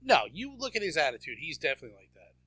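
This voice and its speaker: A man co-hosting a casual podcast with a bright, fairly high voice. He tells crude, mocking stories. The sound is dry and close. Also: sing-song, racing, breathy edge, dry recording. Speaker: podcast co-host. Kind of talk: casual chat.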